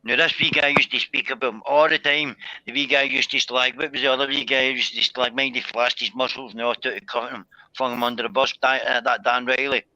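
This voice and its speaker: Panel guest, very sharp forceful voice, rambles on with his stories. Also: mid-range voice, steady tone, brisk, few pauses, no echo. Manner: long rambling stories, keeps repeating himself, swears. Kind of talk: casual banter on a live stream. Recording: dull, dry lo-fi sound.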